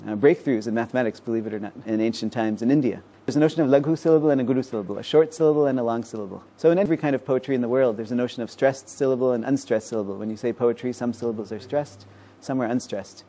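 Man, mathematician, interview, quick pace, dark mellow voice, teacherly. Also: medium pitch. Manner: explanatory, teacherly, quick-paced. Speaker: mathematician and professor. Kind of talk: conversational interview.

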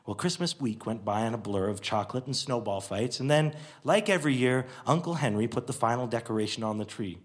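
Canadian guy telling a childhood story, wry and animated, plays out the bits. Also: medium pitch, brisk, hardly any pauses. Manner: wry, lively, acts out the story. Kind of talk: nostalgic first-person storytelling.

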